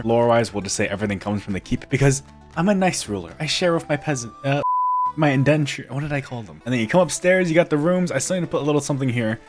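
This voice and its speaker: A man narrates his game build in a loose, casual voice-over. He is playful, keeps mocking himself, and laughs often. His voice sits at a middle pitch, with soft music underneath. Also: expressive, quick pace. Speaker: gaming YouTuber. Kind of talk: casual gameplay commentary.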